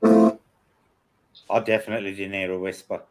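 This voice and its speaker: A man, a paranormal investigator, talks casually with his group and asks questions into the quiet. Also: deep voice, level tone, unhurried. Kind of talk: casual group discussion during a spirit session.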